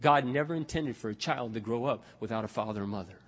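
An older man preaching a sermon as pastor, telling stories in a blunt, emphatic, animated way. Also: medium pitch, fast. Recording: long reverb of a large hall.

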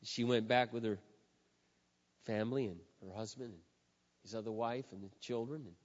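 A middle-aged man preaches a sermon from the pulpit. He leans hard on key words, then drops to a hush. His voice echoes through a large hall on a dull, lo-fi recording. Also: medium pitch, fairly even intonation. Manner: emphatic, drawn-out stresses, shifting from loud to hushed. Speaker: pastor.

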